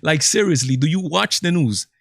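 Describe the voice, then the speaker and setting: A man's voice: fairly high pitch, animated, normal speed, creaky, breathy edge, no echo, studio quality. A man with a Latino accent hosting a political commentary livestream, exasperated and incredulous, firing off rhetorical questions. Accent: Latino English. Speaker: show host.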